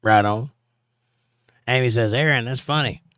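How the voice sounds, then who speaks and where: A man's voice: medium pitch, measured pace, a bit bright, clear, resonant tone, dry recording, clean studio sound. A man hosting a casual livestream, reading viewer comments aloud in a folksy, drawling way. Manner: laid-back, folksy, drawling. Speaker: livestream host.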